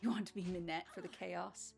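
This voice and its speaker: A woman's voice: fairly low pitch, fairly even intonation, fairly quick, gravelly, darkish tone, soft background music. A woman hosting a charity speedrun stream, chatting in a bubbly, playful way with frequent giggles. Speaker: charity speedrun marathon host. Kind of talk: casual chat.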